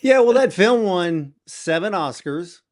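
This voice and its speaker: A man's voice: high voice, lively intonation, a little slow. A man hosting a film interview, asking short, prompting questions. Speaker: interview host.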